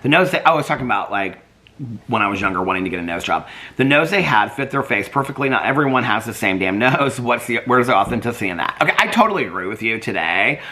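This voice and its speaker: Male vlogger, deep soothing voice with a lively pitch, chatty and rambling. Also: fast talker. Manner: chatty, rambling, thinks aloud while searching online. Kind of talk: casual chat reading viewer comments.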